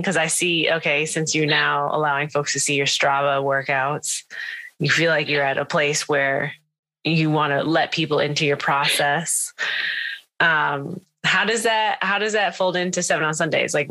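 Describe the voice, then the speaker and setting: Bright, teasing woman podcast host. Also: deep voice, steady tone, moderate pace, no room sound. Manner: laughing, teasing questions. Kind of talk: casual podcast chat.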